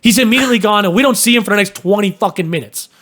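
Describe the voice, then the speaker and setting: A young man casually telling a story on a podcast, animated, cursing and acting out sounds and voices. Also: high-pitched, racing. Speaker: podcast host.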